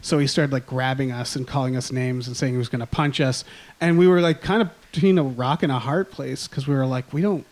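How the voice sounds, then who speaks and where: A man's voice: mid-range voice, steady tone, fairly quick, darkish tone. A man in his thirties telling rambling, self-mocking stories in a casual chat, laughing often. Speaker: podcast guest.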